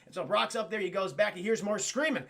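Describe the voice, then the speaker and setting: Male streamer, high bright voice, gravelly edges, profane rambling recap, addresses chat. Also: fast. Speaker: streamer and cartoon reviewer. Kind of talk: livestream episode recap.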